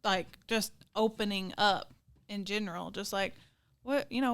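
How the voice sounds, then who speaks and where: A woman's voice: mid-range voice, moderate pace, clear, resonant tone. A woman co-hosting a casual podcast chat, telling stories and acting out both sides of a conversation. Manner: animated storyteller, acts out quoted talk. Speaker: podcast co-host, youth leader.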